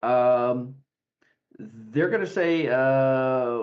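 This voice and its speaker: A man narrating as game master for a tabletop game, relaxed and halting with many fillers. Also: mid-range voice, highs cut off.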